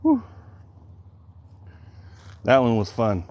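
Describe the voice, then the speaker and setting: A man's voice: mid-range voice, wildly swooping pitch, drawn-out words, a little mellow. A man chatting casually with viewers on a live stream, joking, a little out of breath. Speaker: fishing streamer. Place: outdoors by the water. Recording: outdoor noise in the background.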